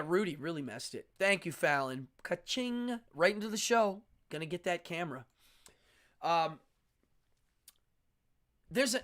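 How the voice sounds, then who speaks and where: Middle-aged male livestream host, lively sing-song delivery, rambling and chatty, talks straight to his viewers. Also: a little high. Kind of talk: casual livestream chat with viewers.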